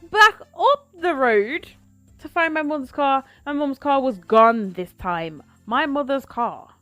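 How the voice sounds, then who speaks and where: A woman's voice: medium pitch, dry recording. Dramatic woman telling a story. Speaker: vlogger. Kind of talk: storytime vlog.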